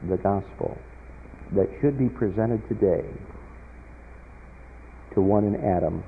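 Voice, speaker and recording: A man preaching a sermon, telling a story with swings from loud emphatic peaks to quiet asides, recorded in a church hall and heard over an old radio broadcast. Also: lowish voice, slow pace, gravelly, long pauses, a little hiss or hum. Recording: tinny lo-fi radio broadcast with long hall reverb.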